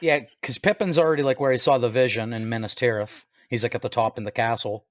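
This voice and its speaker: A man co-hosting a casual podcast, easygoing and quick to laugh. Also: medium pitch, steady tone, fairly bright tone, no echo, clean studio sound. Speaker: podcast co-host. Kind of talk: casual chat.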